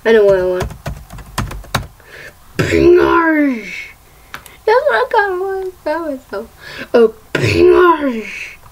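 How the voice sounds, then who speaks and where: A woman's voice: high voice, huge pitch swings, takes it slowly, pauses often, slight background noise. A woman hosting her own gaming video, talking playfully and chanting silly sound effects as she plays. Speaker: gaming channel host. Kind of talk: casual gameplay commentary.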